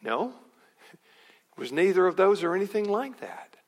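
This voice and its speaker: A middle-aged male pastor preaching a sermon, animated and acting out quotes with chuckles. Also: high voice, measured pace.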